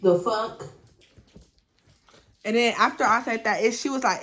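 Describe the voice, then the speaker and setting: A woman's voice: fairly high pitch, unhurried, long pauses, a bit bright, roomy sound. A woman telling a storytime on her vlog, bluntly and profanely retelling a text-message argument in a heated voice.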